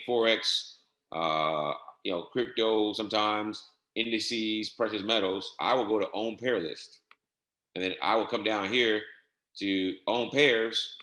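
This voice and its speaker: A man's voice: on the low side, pushed and bright, echoey room. Man giving a casual trading tutorial. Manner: casual, repetitive step-by-step instructions. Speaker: trading instructor. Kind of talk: screen-share software tutorial.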